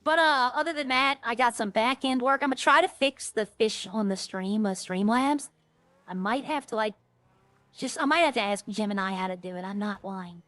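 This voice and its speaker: While playing a role-play game, this woman streams and chats in a loose, rambling way, wandering from story to story. Her voice sits fairly high and moves at an ordinary pace in a dry, echo-free recording, and she livens up when recounting tales.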